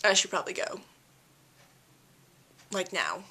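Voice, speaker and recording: A woman's voice: fairly low pitch, sing-song, unhurried, sharp tone, slightly rough. A teenage woman vlogger chatting casually to camera, rambling, giggling and joking at her own expense. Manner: giggly, rambling, self-mocking.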